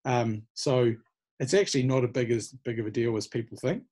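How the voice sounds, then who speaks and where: A man's voice: mid-range voice, fairly quick, mellow. A man, a personal trainer from New Zealand, giving easygoing, encouraging answers in an interview. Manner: encouraging, easygoing, many fillers.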